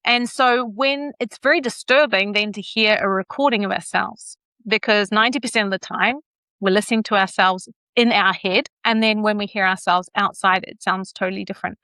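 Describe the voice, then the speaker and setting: A middle-aged woman with a New Zealand accent, a communications coach speaking as a podcast guest and playing with her pitch and pace to show what a voice can do. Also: normal speed, clear, resonant tone, no echo. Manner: animated, plays with pitch and pace to demonstrate. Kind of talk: podcast interview.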